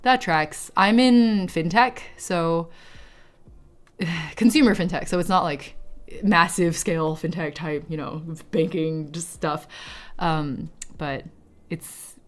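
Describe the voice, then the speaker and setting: A woman's voice: fairly low pitch, takes it slowly. A woman streamer chatting casually, reading chat messages aloud and laughing often. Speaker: live streamer.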